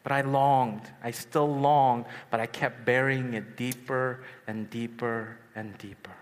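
A man in his thirties preaching a sermon at a youth retreat, telling a personal story with swings from hushed to excited. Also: mid-range voice, a little slow. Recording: long hall reverb.

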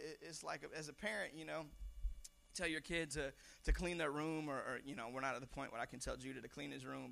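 A young man preaching a sermon in a church, talking conversationally, stumbling over repeated words and now and then shouting lines for emphasis. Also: high voice, creaky. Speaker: pastor.

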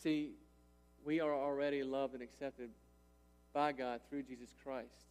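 A man's voice: mid-range voice, level tone, unhurried, a little mellow, smooth. A man in his thirties preaching a sermon as a pastor, emphatic and often checking in with listeners. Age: 30s. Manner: emphatic, repeats "right?" and "listen" to engage listeners. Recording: long hall reverb.

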